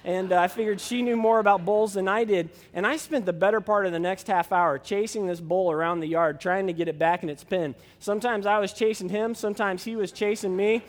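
A man's voice: sits high, a little fast, few pauses, long reverb tail. A man pastor preaching a sermon and telling a personal story in a folksy way, with many fillers.

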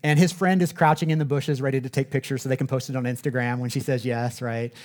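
A man's voice: mid-range voice, steady tone, fast, darkish tone. A man preaching a sermon in a church sanctuary, telling stories and asking rhetorical questions in a conversational way. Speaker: pastor.

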